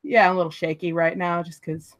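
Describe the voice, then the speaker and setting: A woman hosting a casual livestream chat, talking in an animated way with hesitant restarts. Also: lowish voice, fast talker.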